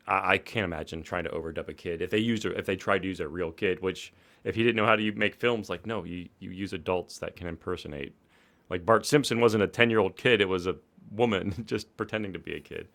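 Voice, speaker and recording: A man co-hosting a podcast, musing in halting phrases, laughing in casual chat. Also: low-pitched, vocal fry, a bit bright. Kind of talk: casual movie discussion.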